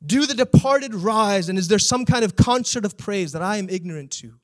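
A man voicing a desperate, anguished psalmist who pleads with and accuses God, his voice rising to near shouts. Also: high voice, expressive, normal speed.

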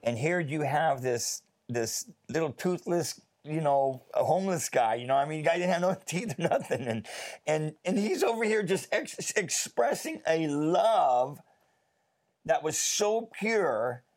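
Animated storytelling man, faith talk. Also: on the high side, unhurried. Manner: storytelling, animated, conversational with frequent fillers. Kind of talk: casual faith discussion.

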